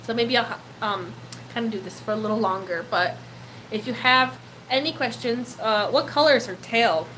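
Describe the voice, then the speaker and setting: A young Polish woman, a native Polish speaker, chats casually on a live stream, reading out viewer comments and slipping into baby talk with her pet while giggling. Her voice is fairly high and a bit bright at normal speed, and the low-quality recording has slight background noise.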